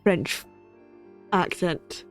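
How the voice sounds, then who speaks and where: A woman streamer chatting excitedly while playing a game, often stumbling and repeating words. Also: extremely slow, faint music behind. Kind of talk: casual gameplay reaction.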